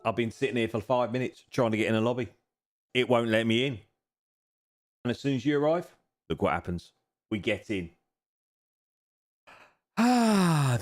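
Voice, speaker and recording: Brief: tired male streamer, mid-pitched, self-deprecating, chatty, lots of ums. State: a bit tired. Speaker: sim racing streamer, host. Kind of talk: casual live-stream chat.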